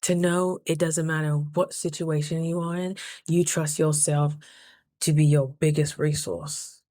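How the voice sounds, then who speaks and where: A woman's voice: sits low, fairly even intonation, measured pace, mellow, no room sound. A woman talking through a casual diary vlog, earnest and reflective, sometimes close to tears. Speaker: vlogger.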